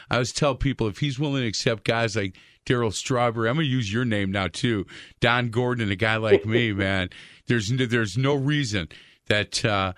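A man's voice: medium pitch, a bit bright, no echo, studio quality. A man hosting a talk-radio show, talking loosely with stumbles and frequent restarts.

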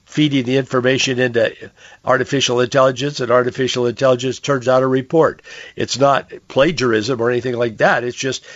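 A hoarse man, hosting a talk radio show and giving earnest commentary on politics and faith. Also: mid-range voice, no echo, dull audio. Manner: conversational, earnest, with frequent restarts. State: hoarse, losing his voice. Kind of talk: political and religious commentary monologue.

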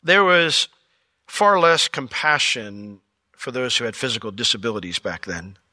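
A man preaching a sermon as pastor, telling Bible stories with lively, playful asides. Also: mid-range voice, a little slow, no echo, studio quality. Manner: animated storytelling with playful asides.

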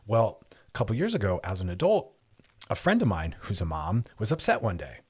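A man's voice: lowish voice, wildly swooping pitch, a little fast, a little mellow, husky. A man hosting a radio advice show, talking through relationships in a reflective, conversational way with personal stories.

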